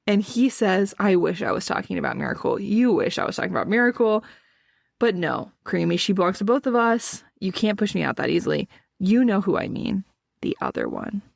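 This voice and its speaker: Gravelly-voiced woman recapping a book. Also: medium pitch, expressive, fairly quick. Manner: chatty, laughs often, reads passages aloud. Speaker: podcast co-host. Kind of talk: casual book recap chat.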